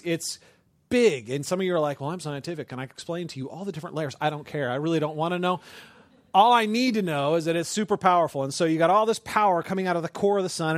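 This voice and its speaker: A man delivering a sermon, his voice sitting a little high for a man. He talks in a relaxed, joking way, tossing out asides and repeated "right?" checks to the congregation. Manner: conversational and humorous, with quick asides and repeated "right?"; hushed, slow prayer. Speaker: pastor.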